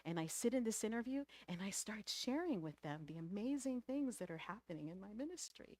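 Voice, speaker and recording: A middle-aged woman minister giving a sermon, telling a personal story with lively, emotional delivery. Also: mid-range voice, a little fast, no room sound.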